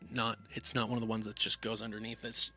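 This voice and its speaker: A man's voice: fairly low pitch, flat delivery, fast talker, pushed and bright, breathy edge. A man casually retelling a film's plot for a review podcast, rambling with lots of fillers and acting out the characters' lines. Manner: rambling, filler-heavy retelling with acted-out quotes. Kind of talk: casual film plot recap.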